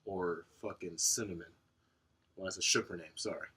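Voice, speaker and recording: A man co-hosting a podcast in casual chat, profane and animated, laughing often. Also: deep voice, moderate pace, background noise. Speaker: podcast co-host.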